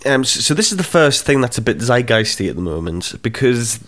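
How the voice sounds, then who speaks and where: A man's voice: mid-range voice, very animated, fairly quick, fairly bright tone. A man, co-hosting a casual chat, who stammers and restarts a lot and mocks himself. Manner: stammering, self-mocking, sweary. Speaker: podcast co-host.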